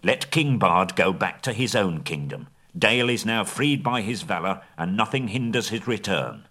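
A man voicing a pompous, self-serving old town master in a storybook reading, speaking in a low, oratorical, defensive way. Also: lively intonation, moderate pace, bright, forceful tone. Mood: dismissive.

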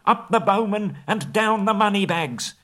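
A man voicing angry townspeople in a storybook reading, shouting in raised, high voices. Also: fairly even intonation, moderate pace, natural voice. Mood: clamoring.

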